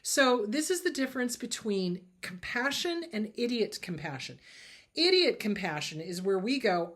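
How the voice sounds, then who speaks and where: A woman in an ordinary mid range answers viewer questions as a therapist host. She talks casually but bluntly, stressing her points and repeating advice firmly. Her voice sounds a little choked, with throat clearing. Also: mid-range voice, big pitch swings, moderate pace, fairly bright tone.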